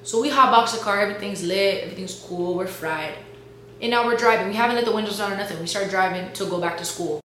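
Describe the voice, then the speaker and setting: Young woman talking casual and slangy about her faith, real echoey room w a low hum. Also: fast, fairly bright tone. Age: young adult. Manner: slangy, chatty, full of "like" and "bro". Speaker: college student sharing a faith testimony. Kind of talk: casual testimony storytelling.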